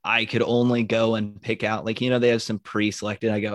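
Low-voiced man with wry quips. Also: little pitch movement, fairly quick, few pauses, no echo. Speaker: podcast co-host. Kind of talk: casual chat.

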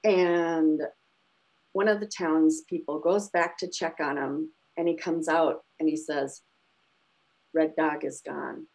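A woman podcast co-host talks in a casual, chatty way, and her voice sits on the lower side. She retells scenes with open emotion and lively energy. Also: unhurried, low-quality recording. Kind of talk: casual chat.

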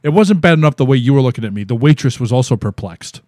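Podcast co-host, male, mid-pitched, dry teasing banter, close dry mic. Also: lively intonation, fast talker, a little mellow, dry recording. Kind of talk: casual chat.

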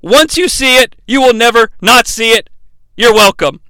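Bright-voiced man recapping a match. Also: extremely high pitch, normal speed, clean tone, no room sound. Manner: chatty, profane, enthusiastic. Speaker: podcast host.

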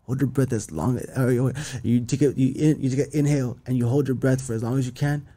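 A man's voice: mid-range voice, fairly even intonation, quick pace, dark tone. A young man telling a long story in casual chat, rambling and profane, with many restarts. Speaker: podcast guest.

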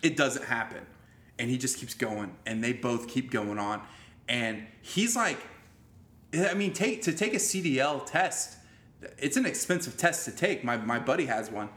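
A man's voice: mid-range voice, expressive, a little slow, a bit bright. A man in casual conversation, animatedly retelling a story with plenty of swearing and restarts. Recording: roomy echo.

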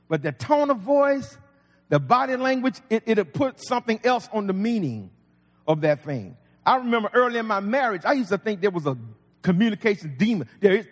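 High-voiced preacher in a hall. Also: male voice. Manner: folksy, conversational preaching with humor. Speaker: pastor. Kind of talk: sermon. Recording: long reverb of a large hall.

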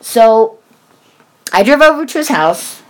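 A woman's voice: a little high, very animated, takes it slowly, a little mellow. A woman casually telling a story, blunt and profane, with sarcastic asides.

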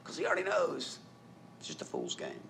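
A man preaching a sermon in an animated way, acting out quoted voices and rising to loud emphatic peaks. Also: mid-range voice, brisk, gravelly, slight background noise. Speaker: pastor.

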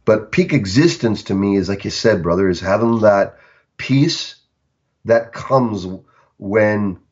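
Low-voiced male coach, dull lo-fi sound. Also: darkish tone. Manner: reflective, storytelling, slows down on key words. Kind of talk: casual podcast conversation. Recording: dull lo-fi recording.

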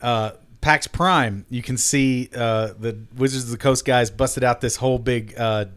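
Chatty guy co-hosting, bright edgy tone, loose storyteller. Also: mid-range voice, steady tone, unhurried, smooth. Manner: chatty storyteller who swears casually. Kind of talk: casual chat.

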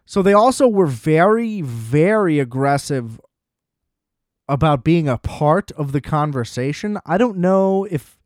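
A young man rants in a casual chat, sarcastic and full of profanity, slipping into mocking voices. His voice sits a bit high for a man. The sound is dry and close. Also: animated, unhurried, no room sound.

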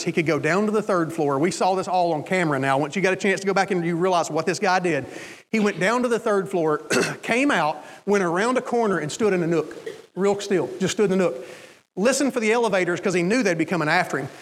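A male preacher telling a long personal story in a sermon, animated and acting out the voices of the people in it. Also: high voice, a little fast. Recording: long hall reverb.

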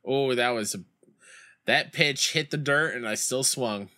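A young man streams a baseball video game, chatting casually with his chat, reading messages aloud, and telling rambling school stories, with outbursts whenever plays go wrong. His voice is medium-pitched and sharp, at a measured pace.

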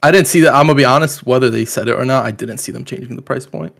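A man's voice: mid-range voice, racing, gravelly. A man co-hosting a casual gaming podcast, easygoing and laid-back. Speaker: podcast co-host.

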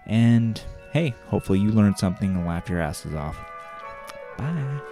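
Deep-voiced podcast host. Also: male voice, animated, normal speed, over music. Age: 30s. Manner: upbeat, swears casually. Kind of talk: casual podcast chat.

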